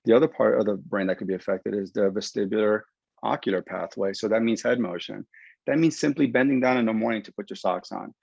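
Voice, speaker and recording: A man working as a concussion rehab clinician, giving an animated explanatory webinar talk over a video call. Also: fairly low pitch, fast, vocal fry, slightly rough, no echo. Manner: animated, explanatory, acts out patient quotes. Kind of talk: webinar presentation. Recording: dull lo-fi dry webinar audio.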